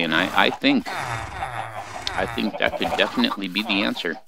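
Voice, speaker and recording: A man's voice: lowish voice, normal speed, vocal fry. An older man hosting a let's play, giving rambling, folksy gameplay commentary and chatting to his in-game animals. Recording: noisy home recording with mouse clicks.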